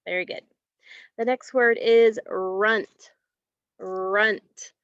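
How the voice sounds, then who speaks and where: Woman teacher, very slow and deliberate, phonics drills, dry, muffled lo-fi sound. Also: medium pitch, fairly even intonation, a bit bright, smooth, no echo. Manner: stretches out and repeats single sounds, encouraging. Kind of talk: slow, clearly enunciated phonics lesson. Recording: dry, dull lo-fi recording.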